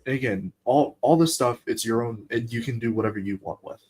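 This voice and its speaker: Medium in pitch, a little mellow, and husky, this young eastern US man's voice carries a casual, rambling stream chat. He's playful, tossing in quick put-on voices.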